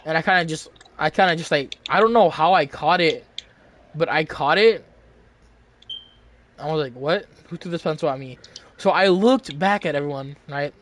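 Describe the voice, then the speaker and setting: A man's voice: fairly high pitch, moderate pace, long pauses, fairly bright tone. A young man telling a rambling, casual story from his school days, full of restarts and fillers. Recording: noticeable background noise.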